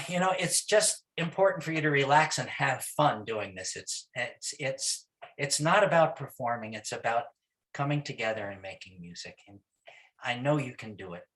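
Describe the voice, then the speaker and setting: A middle-aged man, a music teacher, giving a gentle and encouraging talk on songs for young children. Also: a little high.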